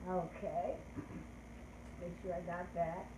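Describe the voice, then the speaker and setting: Slow, patient older woman teaching kids. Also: on the low side, little pitch movement, warm tone. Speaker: children's show host teaching calendar. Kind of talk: live children's lesson. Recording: echoey room with faint background noise.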